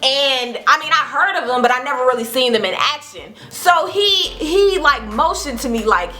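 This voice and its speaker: A woman in her twenties, a vlogger telling a casual storytime, animated and acting out what people said. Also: high voice, moderate pace. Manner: animated, acts out quotes with laughs.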